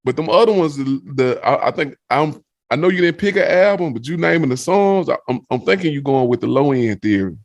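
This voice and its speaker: A man's voice: on the high side, animated, a little fast, muffled recording. A man moderating a casual podcast debate, agreeable and full of restarts and backchannel sounds. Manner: agreeable, filler-heavy, backchannels a lot.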